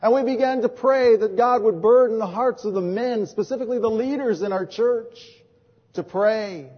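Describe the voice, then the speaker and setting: High-voiced preacher in a reverberant hall. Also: male voice, moderate pace. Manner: earnest storytelling, acts out quoted dialogue. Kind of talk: sermon. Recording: dull lo-fi audio with long hall reverb.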